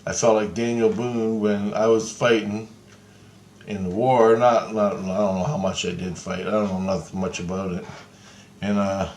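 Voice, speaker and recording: Excitable man telling a dream story. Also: reverberant, a little hiss or hum. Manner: excitable, swearing, acts out quotes in high voice. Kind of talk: casual animated storytelling.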